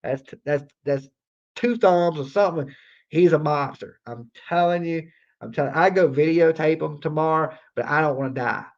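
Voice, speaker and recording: Male streamer, slightly high voice, swears constantly, rambles with lots of "like", casual live storytelling over dull lo-fi audio. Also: moderate pace. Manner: profane, rambling, repeats himself, heavy use of "like". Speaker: livestream host.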